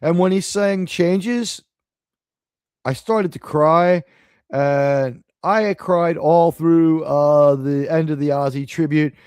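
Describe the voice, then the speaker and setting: New guy ranting on a live stream, kinda high voice, swears a lot, sarcastic, dry close mic. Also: slow pace, darkish tone, clean tone, no echo. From New York City. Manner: profane, sarcastic, rambling. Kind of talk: casual live-stream rant.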